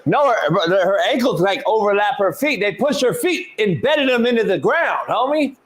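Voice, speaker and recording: A man hosting a sports talk show, chatting loudly and excitably, swearing often and calling people "homie". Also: sits high, normal speed. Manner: loud, excitable, profane, keeps saying "homie". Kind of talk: casual chat.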